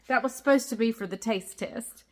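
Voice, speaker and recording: A woman with a Southern US accent hosts a casual home cooking vlog from her kitchen, chatty and folksy and laughing often. Her voice is a little high, at normal speed.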